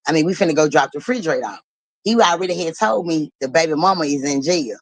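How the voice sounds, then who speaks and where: A woman hosting a livestream, telling a story in an animated, blunt and profane way and laughing as she talks. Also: sits low, fast, no room sound, rough recording. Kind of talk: casual storytelling.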